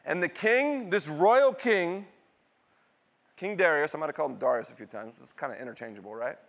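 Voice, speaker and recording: A middle-aged man preaching a sermon, asking the congregation questions and answering them, with dramatic swings between loud bursts and quiet, low asides. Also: expressive, normal speed, vocal fry. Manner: call-and-response questions, dramatic swings in pitch and loudness. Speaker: pastor.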